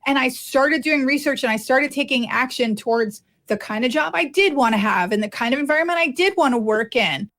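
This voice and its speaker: A high-pitched woman co-host chatting casually on a podcast. She talks bluntly, swears freely and laughs through her own stories. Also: lively intonation, fairly quick, hardly any pauses, a bit bright.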